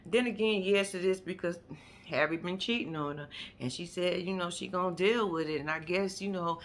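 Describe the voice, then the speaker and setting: Woman, reality recap vlogger; animated, profane, laughs a lot. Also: lowish voice, normal speed. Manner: animated, profane, acts out quotes, laughs often. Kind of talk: casual reality show recap.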